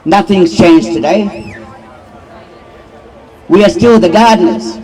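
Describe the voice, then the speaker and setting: A man telling a story to a rally outdoors in a calm, measured way. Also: high-pitched, slightly rough, recorded from a distance, poor audio. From Australia. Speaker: rally speaker. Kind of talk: storytelling speech.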